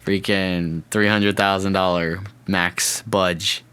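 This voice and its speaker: Young male podcast host, lowish voice, loose rambling solo chat with self-corrections and jokes. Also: level tone, takes it slowly, sharp tone, clean tone. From California.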